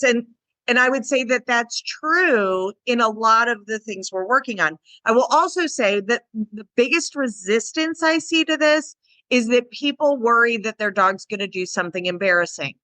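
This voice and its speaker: A chatty woman dog trainer co-hosting a podcast, talking in a bright, forceful voice a little above the usual pitch. She acts out small bits of dialogue as she goes. The sound is close and dry. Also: normal speed, no room sound. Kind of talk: casual podcast chat.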